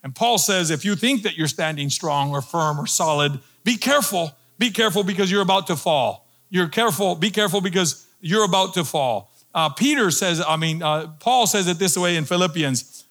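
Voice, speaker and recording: A man's voice: high-pitched, lively intonation, moderate pace, fairly bright tone. A middle-aged male pastor preaching a sermon, building emphasis through repeated phrases and calling on the congregation to repeat lines. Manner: preaching with rising emphatic repetition and audience call-and-response.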